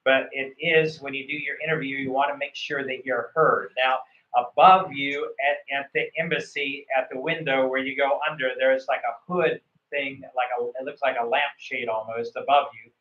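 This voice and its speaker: A man's voice: mid-range voice, steady tone, moderate pace. A man coaching students for a visa interview, rambling with many fillers and restarts. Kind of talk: coaching on a call. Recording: echoey, muffled room sound.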